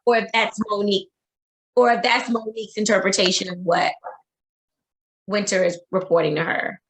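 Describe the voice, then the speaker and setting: A woman's voice: medium pitch, little pitch movement, normal speed, low-quality recording. A woman co-hosting a casual chat show, blunt and emphatic, repeating herself and swearing freely. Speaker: podcast co-host.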